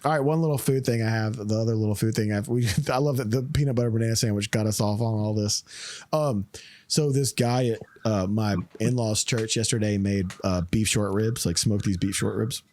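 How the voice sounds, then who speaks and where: A man's voice: on the low side, fairly quick, no room sound. A man hosting a podcast, telling stories in casual chat, swearing and laughing often. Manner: animated, profane storyteller who laughs often. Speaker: podcast host.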